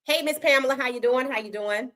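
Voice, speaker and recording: A woman hosts a sports talk livestream in a casual, outspoken way. Her voice sits a little high and comes across bright and forceful. She talks in a colloquial, opinionated manner as she greets her chat. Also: quick pace. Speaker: podcast host.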